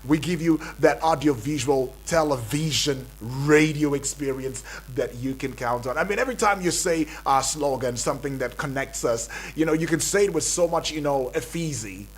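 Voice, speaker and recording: A man's voice: on the high side, moderate pace, husky. Nigerian male breakfast-radio host, raised voice, hype-man patter, studio mic. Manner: hype-building, repetitive, calls out to listeners. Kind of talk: energetic morning radio patter.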